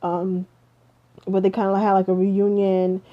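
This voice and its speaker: A woman's voice: mid-range voice, completely flat delivery, unhurried. Sleepy, chatty young woman on a dull mic. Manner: chatty, rambling, lots of ums and likes. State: sleepy, yawning. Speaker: K-pop vlogger. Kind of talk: casual review vlog. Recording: dull lo-fi home recording.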